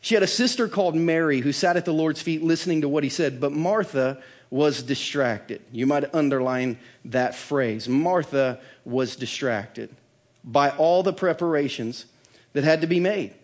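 A man preaching a sermon to his church with earnest conviction. His voice sits a little on the high side. He often drops low and soft to drive a point home. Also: moderate pace. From United States. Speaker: pastor.

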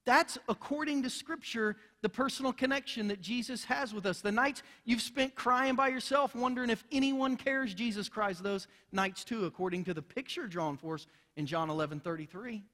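A pastor preaches a sermon in a very high, pushed, bright voice at a normal speed, barely pausing. Earnest and emphatic, he builds in intensity as he drives his points home, with the long reverb of a large hall behind him.

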